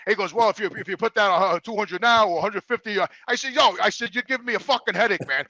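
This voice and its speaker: A man's voice: high-pitched, fast, few pauses, pushed and bright, no room sound, highs cut off. A middle-aged man telling a profane comic story, swearing constantly and rising into indignant outbursts. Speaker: show regular, storyteller.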